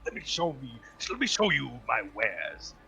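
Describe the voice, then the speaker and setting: A man's voice: mid-range voice, wildly swooping pitch, moderate pace, vocal fry, a crowd in the background, pitched above the performer's own voice. A man voicing a big, boisterous male minotaur merchant who laughs and blusters like a salesman.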